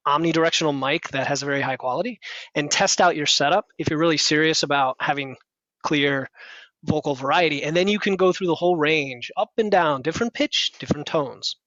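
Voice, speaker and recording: A man's voice: fairly high pitch, brisk, a bit bright, dry recording, muffled recording. A man on a video call headset, giving a speech evaluation with encouraging, structured feedback.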